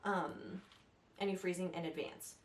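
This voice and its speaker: A woman's voice: fairly low pitch, fairly even intonation, measured pace, a little hiss or hum. A young woman vlogging casual advice, chatty and rambling, laughing at herself. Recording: echoey room, a little distant.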